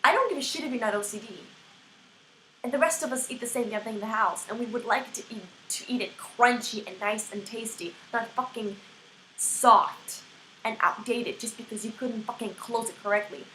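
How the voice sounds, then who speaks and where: A woman's voice: on the high side, moderate pace, bright, forceful tone, slight background noise. A young woman with a put-on American accent, ranting to camera in exasperated, swearing bursts. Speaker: vlogger. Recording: echoey room.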